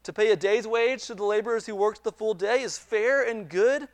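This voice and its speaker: A man with a high voice preaches a sermon. He retells a parable in an animated way, acts out the quoted dialogue and repeats words as he builds each point. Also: moderate pace, dry recording. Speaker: pastor.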